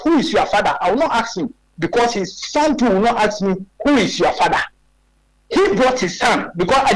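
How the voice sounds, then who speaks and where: A man's voice: very high-pitched, low-quality recording. A man in his forties with a Ghanaian accent, a guest on a radio talk show, making his case emphatically and firing off rhetorical questions. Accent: Ghanaian English. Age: 40s.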